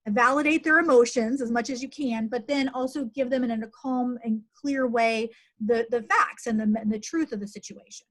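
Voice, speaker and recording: A woman's voice: on the high side, normal speed, a bit bright. A middle-aged woman, a physician, hosting a conversational interview in an earnest tone with plenty of fillers. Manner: earnest, uses many fillers. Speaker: physician host.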